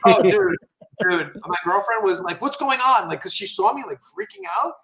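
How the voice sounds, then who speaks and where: A man guesting on a podcast, telling casual stories with animated, profane asides and lots of fillers. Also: high-pitched, moderate pace, a crowd in the background. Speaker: guest entrepreneur. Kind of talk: casual storytelling interview.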